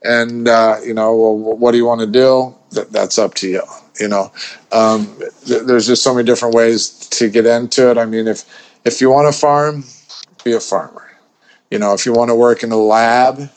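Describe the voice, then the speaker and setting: A man's voice: mid-range voice, fairly even intonation, normal speed, darkish tone. A man telling a story as a podcast guest, rambling with lots of restarts and swearing freely. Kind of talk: casual storytelling chat.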